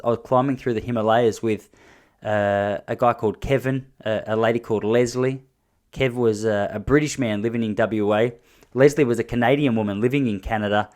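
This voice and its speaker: An Australian man in his thirties hosts a podcast and tells comic stories as a monologue. His voice sits in a mid range, and he rambles and restarts as he goes. His pitch and loudness jump suddenly between stretches of plain talk. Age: 30s. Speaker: podcast host. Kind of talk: comedic storytelling monologue.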